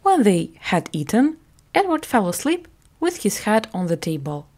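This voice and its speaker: A woman teacher narrating a classic story in a slow, clear, careful way for English learners. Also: mid-range voice, very animated, darkish tone.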